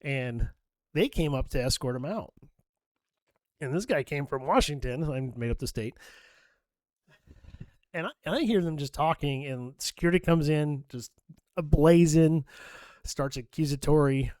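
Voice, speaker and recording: Middle-aged man, profane animated storyteller. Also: fairly high pitch, a little slow, long pauses, no room sound, clean studio sound. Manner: animated storyteller, swears freely, acts out quoted dialogue. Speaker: nurse and podcast co-host. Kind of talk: casual podcast storytelling.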